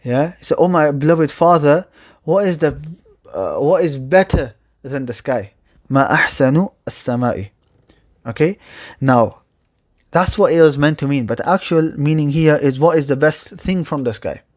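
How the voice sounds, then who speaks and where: Man teaching Arabic grammar, fairly high voice. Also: darkish tone. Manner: explains step by step, reciting Arabic verse quickly between English explanations. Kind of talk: classroom lecture.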